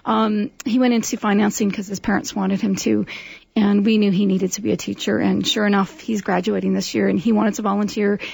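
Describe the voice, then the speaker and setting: A woman's voice: medium pitch, little pitch movement, fairly quick, gravelly, darkish tone, breathy edge, no echo. A middle-aged woman, a school administrator telling stories in a friendly, chatty interview, often laughing. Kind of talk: interview conversation.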